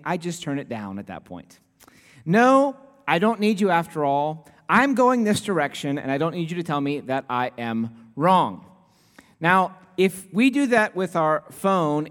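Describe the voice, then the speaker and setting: A man preaching a sermon in a church, earnest and conversational, using everyday illustrations. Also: medium pitch. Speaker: pastor. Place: church sanctuary. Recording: long reverb of a church hall.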